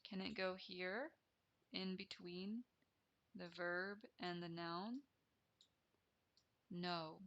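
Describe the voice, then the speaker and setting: A woman English teacher explaining a grammar lesson deliberately, repeating each key term. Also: lowish voice, a bit bright, highs cut off.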